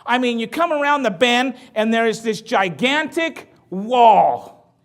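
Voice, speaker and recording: A man giving a motivational talk to an audience, telling stories in a lively, jokey way. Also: extremely high pitch, measured pace. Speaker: motivational speaker.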